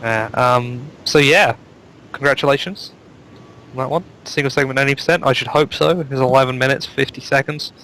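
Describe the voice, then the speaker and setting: A man's voice: medium pitch, normal speed, bright, forceful tone, slight background noise, poor audio. A man co-hosting a live chat show, reading out the latest runs in a rambling, joking way full of fillers, speaking over a home microphone on an online call. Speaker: co-host reading out new speedruns.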